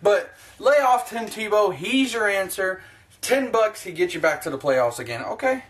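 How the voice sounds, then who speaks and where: A man's voice: high voice, animated, normal speed, a bit bright. A man ranting in a profane, self-mocking sports vlog, talking to his own camera at home. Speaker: sports vlogger.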